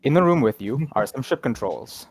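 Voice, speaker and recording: A man's voice: mid-range voice, lively intonation, normal speed, breathy edge. A man narrating as game master of a tabletop horror game, in a descriptive style. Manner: descriptive, laughs easily.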